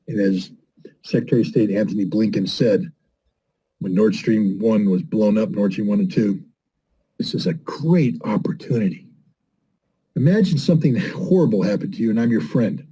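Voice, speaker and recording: A man's voice: lowish voice, warm tone, husky, poor audio. A middle-aged man giving blunt, impassioned political commentary, full of rhetorical questions and mocking quotes. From United States.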